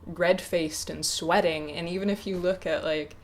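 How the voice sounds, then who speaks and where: A young woman in her twenties talking to camera off the cuff, hesitant and reflective, with many pauses and restarts. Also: lowish voice, fairly even intonation. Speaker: YouTuber. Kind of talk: casual unscripted talk to camera.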